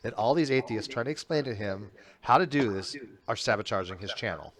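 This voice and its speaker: Fast-talking, blunt man hosting a hangout. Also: fairly low pitch, animated. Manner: fast, blunt, teasing talker. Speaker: channel host. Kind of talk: casual group video chat.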